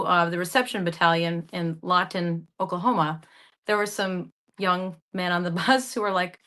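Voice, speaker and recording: A woman's voice: fairly low pitch, pushed and bright. A young woman actress from the Upper Midwest, with a regional accent, chatting animatedly in an interview and laughing often. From Upper Midwest, Michigan. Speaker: actress guest. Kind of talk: casual interview chat.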